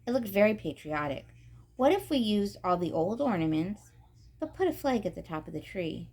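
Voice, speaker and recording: Gentle storybook mom, warm and reassuring, voiced by a woman reader. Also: mid-range voice, very animated, normal speed. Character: kind, gentle mother.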